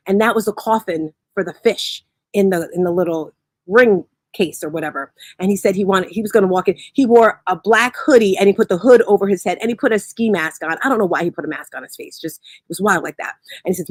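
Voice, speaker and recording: A woman's voice: mid-range voice, fast, breathy edge, no room sound. A woman hosting a motivational morning show, telling stories with lots of energy and laughing easily. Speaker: host. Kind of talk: motivational talk on a live audio room.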